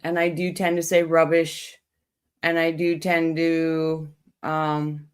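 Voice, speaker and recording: A woman with a deep, clean-toned voice speaks slowly and in a monotone. She's hosting a true crime livestream, chatting casually with viewers and reading their comments while coming down with a cold.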